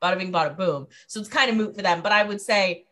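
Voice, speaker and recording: A young woman co-hosting a podcast, casually recapping a TV episode with wry, animated comments and frequent laughs. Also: medium pitch, fast talker. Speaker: podcast co-host.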